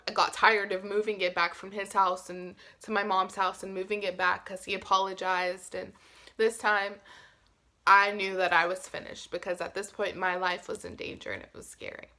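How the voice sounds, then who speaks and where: A woman's voice: medium pitch, pushed and bright. A young woman telling a personal story in a candid, emotional vlog, swearing freely and saying "like" often. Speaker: vlogger.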